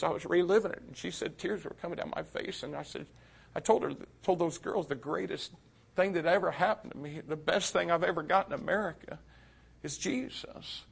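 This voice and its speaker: A man preaching a sermon, telling a story and swinging from loud to hushed. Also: fairly high pitch, vocal fry.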